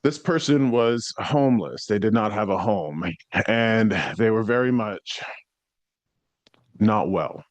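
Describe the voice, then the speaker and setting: Guy telling a story on his podcast, lowish voice, gets animated, dry close sound. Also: takes it slowly, no echo. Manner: conversational, animated when retelling, with restarts. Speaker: psychic medium podcast host. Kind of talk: casual storytelling monologue.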